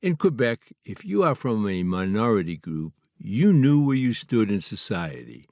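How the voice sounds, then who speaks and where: A man from Canada reading his own memoir aloud in a measured, earnest, slightly formal way. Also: lowish voice, sing-song, a little mellow, dry recording, studio quality. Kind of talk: memoir audiobook narration.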